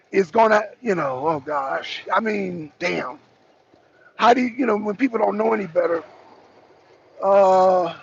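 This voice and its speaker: A political talk show host chats casually and animatedly with viewers on his stream, greeting them by name and swearing a lot. His voice is high with vocal fry, the sound is lo-fi, and there's slight background noise.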